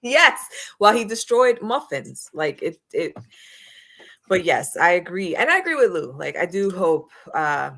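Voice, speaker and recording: A woman's voice: on the low side, sing-song, a little slow, fairly bright tone. A married woman hosting a casual wrestling talk show, blunt and opinionated, swearing freely as she gives her takes. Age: adult, married. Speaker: podcast host.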